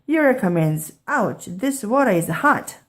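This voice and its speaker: A woman's voice: medium pitch, very animated, a little slow. A woman voicing an eager, literal-minded female housekeeper in a children's storybook read-aloud.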